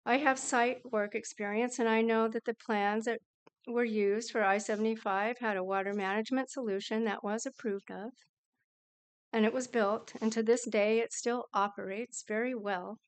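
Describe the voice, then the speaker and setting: A woman giving a prepared public comment at a meeting, measured and earnest. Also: fairly high pitch, steady tone, smooth. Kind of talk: prepared statement at a council meeting.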